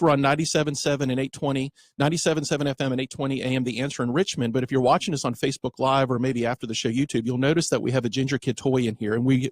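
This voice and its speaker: A man's voice: medium pitch, dry recording. Male radio host, conversational, stops and fixes his words, close dry mic. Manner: chatty, self-correcting, slows for emphasis. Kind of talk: casual radio talk. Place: radio studio.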